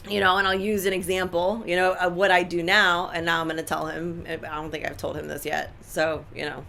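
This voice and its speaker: A woman's voice: lowish voice, fairly quick, vocal fry, a little hiss or hum. A woman co-hosting a health and lifestyle show, talking in a casual, emphatic way and repeating her points. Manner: animated, emphatic, repeats herself. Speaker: co-host. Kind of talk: casual chat.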